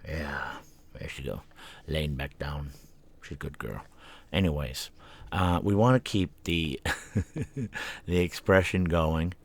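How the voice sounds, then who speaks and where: A man's voice: extremely low pitch, slow pace, pauses often, breathy edge. A man hosting his own podcast at home, talking casually and thinking aloud, sometimes chatting to his cat. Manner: rambling, self-reflective, talks to his cat. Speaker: podcast host. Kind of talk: casual solo podcast talk. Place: home room. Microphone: desk microphone.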